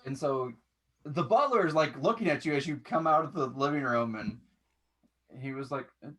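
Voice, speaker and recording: A man narrating as game master, talking in halting bursts with many restarts. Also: mid-range voice, expressive, a bit bright. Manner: halting, full of restarts and fillers.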